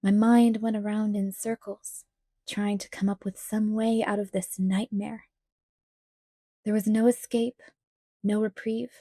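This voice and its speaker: A woman narrating a novel aloud in a measured, even storytelling manner. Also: mid-range voice, no echo. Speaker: audiobook reader. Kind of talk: scripted narration.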